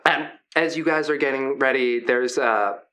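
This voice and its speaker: At a moderate pace and in a mid-range voice, a man narrates as game master of a tabletop game. He keeps it relaxed, leaning heavily on fillers.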